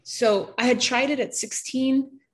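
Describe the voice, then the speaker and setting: A woman giving an earnest, emotional personal testimony, halting and stammering at times and often dropping to a soft, quiet voice. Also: high voice, steady tone. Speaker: person sharing a faith testimony.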